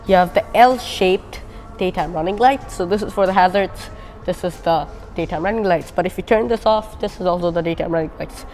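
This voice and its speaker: A woman's voice: on the low side, a little mellow. A woman reviewing a car on camera, casually pointing out its features as she walks around it. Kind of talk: walkaround car review vlog.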